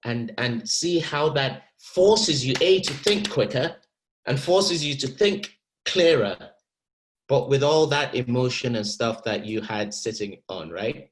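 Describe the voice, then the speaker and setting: A man teaching an acting masterclass, talking in an animated, encouraging way and repeating words as he thinks. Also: mid-range voice, a little slow, slight background noise, low-quality recording. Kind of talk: masterclass coaching.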